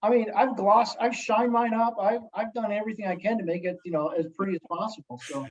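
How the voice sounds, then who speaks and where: A man speaking as a guest in casual podcast chat, telling stories in an animated, jokey way with many restarts. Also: sits high, quick pace, lo-fi sound, a little hiss or hum. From United States. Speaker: guest, sales executive and elected official.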